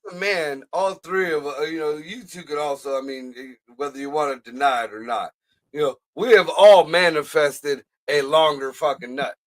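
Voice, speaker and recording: A man on a casual podcast who rambles through loose ideas with crude jokes and sudden loud outbursts. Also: a little high, normal speed. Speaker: podcast co-host.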